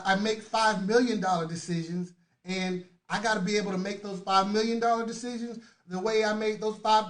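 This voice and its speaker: A man hosting a live motivational talk, leading affirmations and calling out viewers by name in an energetic, preachy way. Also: high-pitched. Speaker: motivational host. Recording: roomy echoey sound.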